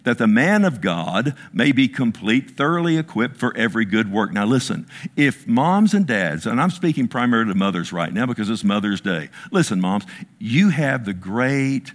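A man's voice: mid-range voice, sing-song, moderate pace. A middle-aged man, a pastor, preaching a sermon and asking his congregation for responses.

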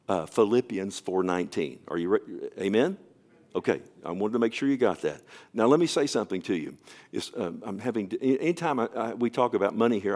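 A man's voice: on the low side, a little mellow. A man preaching a sermon as pastor, emphatic and repeatedly asking his congregation to affirm what he says.

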